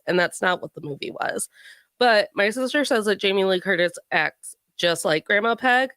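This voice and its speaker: A woman co-hosting a podcast in casual chat, giggly and rambling with animated energy. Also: medium pitch, normal speed, no room sound, studio quality. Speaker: podcast co-host.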